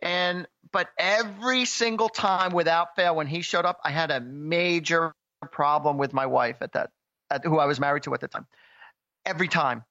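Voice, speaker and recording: Man, radio co-host, animated storyteller, dry close sound, dull lo-fi audio. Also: on the high side, normal speed, dry recording. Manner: animated storyteller, exclaims often. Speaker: radio show co-host, psychic reader. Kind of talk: casual radio chat.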